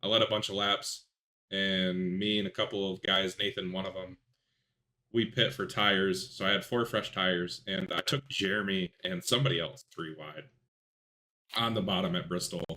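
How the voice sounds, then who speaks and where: A man hosting a podcast, talking casually about sim racing and telling rambling, animated stories. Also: sits low, normal speed. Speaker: podcast host.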